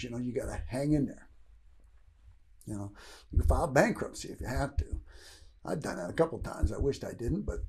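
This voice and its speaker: A man's voice: mid-range voice, gravelly, warm tone. A man in his sixties from Kentucky giving a rambling, casual motivational talk, often asking "right?" and chuckling. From Louisville, Kentucky, USA. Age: 60s. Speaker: motivational speaker.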